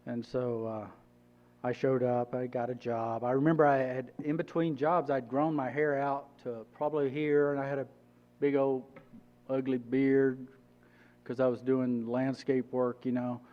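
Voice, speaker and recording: Guest speaker, middle-aged man, mid-range voice, casual storyteller, dull lo-fi church recording. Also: medium pitch. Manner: conversational, acts out quoted dialogue. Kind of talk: personal testimony storytelling.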